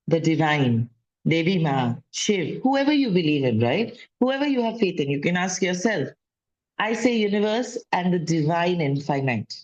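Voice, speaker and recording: A woman's voice: on the low side, a little mellow. A woman gives a casual spiritual teaching talk as a wellness coach, speaking conversationally and often repeating phrases and adding "right?". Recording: dull lo-fi sound.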